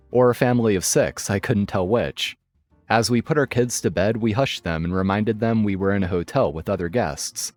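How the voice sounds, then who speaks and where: A man narrating online stories in a steady, even scripted read, recorded close and dry. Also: on the low side. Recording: dry close mic with faint music.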